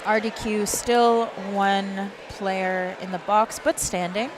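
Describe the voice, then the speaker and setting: A woman's voice: medium pitch, steady tone. Woman calling live roller derby play. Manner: brisk, reels off player numbers and names. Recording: noisy venue background.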